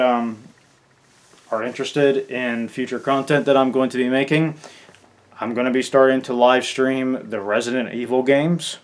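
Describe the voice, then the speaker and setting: A gaming content creator venting in an angry farewell rant, swearing and stumbling over his words. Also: medium pitch.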